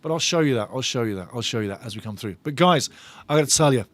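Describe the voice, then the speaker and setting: A man's voice: medium pitch, expressive, fast, dry recording. A male fan host reading viewers' chat aloud during a live football watch-along, enthusiastic and given to repeating his phrases.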